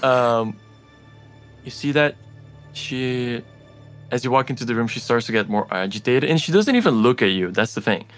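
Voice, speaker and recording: A man's voice: mid-range voice, animated, moderate pace, pauses often, a bit bright, soft background music. A man narrating a tabletop role-playing game as its game master.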